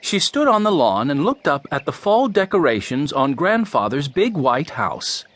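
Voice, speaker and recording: A man narrating a children's mystery audiobook in a clear, storytelling voice. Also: fairly high pitch, sing-song, moderate pace, fairly bright tone, dry recording.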